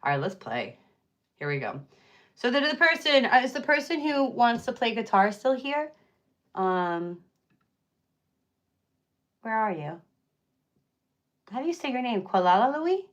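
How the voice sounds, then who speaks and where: A woman's voice: a little high, sing-song, measured pace, long pauses, fairly bright tone. A young woman chatting casually with viewers on a livestream, rambling with lots of fillers and easy laughs.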